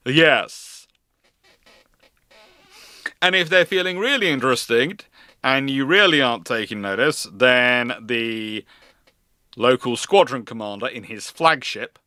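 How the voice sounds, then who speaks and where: A man hosting a live naval history stream, explaining things in a playful, animated storytelling way. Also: medium pitch, measured pace, smooth, dry recording. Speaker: naval historian and channel host. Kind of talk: live-stream lecture chat.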